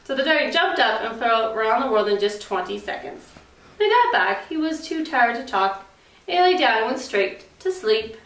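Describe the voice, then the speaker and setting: A woman childcare teacher reading a picture book aloud at story time, affectionate and expressive. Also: fairly high pitch, normal speed. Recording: roomy, distant mic.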